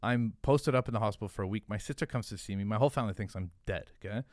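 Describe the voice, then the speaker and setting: Male podcast guest, low register, animated profane storyteller, dry close mic. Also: very fast, dry recording. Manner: animated, profane, filler-heavy, "like" every few words. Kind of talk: casual storytelling.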